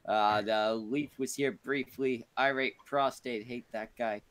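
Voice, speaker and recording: A man's voice: medium pitch, fairly even intonation, measured pace, fairly bright tone, dry recording. A man hosting a podcast stream in casual chat, rambling and joking crudely, full of uh and restarts. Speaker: podcast host.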